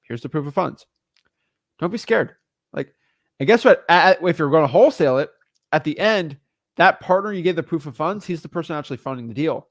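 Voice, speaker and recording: A man who lives in Florida teaching real estate wholesaling in a blunt, energetic, casual way, repeating himself often. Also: fairly high pitch, brisk, no room sound, studio quality.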